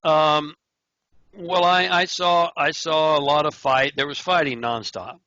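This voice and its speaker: American guy on a call acting out his story, punchy bright tone, kinda muffled audio. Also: fairly high pitch, a little slow, no echo. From United States. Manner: animated storyteller, acts out dialogue. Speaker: interview guest. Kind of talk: recounting prison stories in an interview. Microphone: video call. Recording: dull, lo-fi remote call audio.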